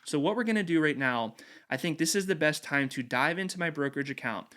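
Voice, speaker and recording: A man's voice: on the high side, fast. Persuasive man walking through trades. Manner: persuasive, animated. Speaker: investing video host. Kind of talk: screen-share explainer.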